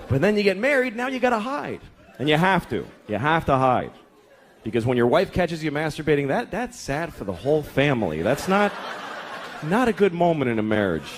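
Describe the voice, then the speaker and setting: A man's voice: fairly high pitch, big pitch swings, fairly quick. A man in his thirties doing a stand-up comedy set, exasperated and profane, acting out little voices. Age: 30s. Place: comedy club stage with laughing audience. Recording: live club recording with crowd noise.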